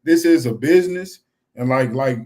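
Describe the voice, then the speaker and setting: A man's voice: medium pitch, moderate pace. A young man, chatting casually and animatedly as a fan-show co-host. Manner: animated, repeats "you know what I'm saying".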